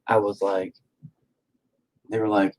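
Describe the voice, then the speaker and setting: A man's voice: fairly low pitch, level tone, slow pace, a little mellow. A man hosting a casual stream, telling a story to viewers in a rambling way and swearing freely. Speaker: stream host chatting with viewers.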